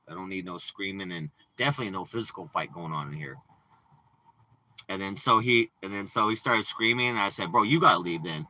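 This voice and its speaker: A man's voice: lowish voice, sharp tone, low-quality recording. A man ranting and boasting in casual, profane, rambling livestream chat from inside a parked RV, talking into a phone. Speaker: live streamer.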